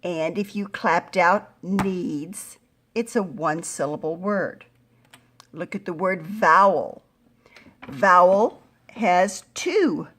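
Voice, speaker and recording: A middle-aged woman teaching a phonics lesson to young readers, patient and encouraging, sounding words out slowly. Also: fairly low pitch, a bit bright, husky. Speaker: reading teacher.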